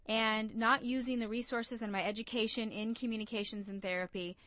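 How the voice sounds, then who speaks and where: A woman's voice: on the high side, fairly even intonation, a little fast, a bit bright, no echo. A woman from the United States, a coach and entrepreneur, telling a story in an interview and acting out the voices she quotes.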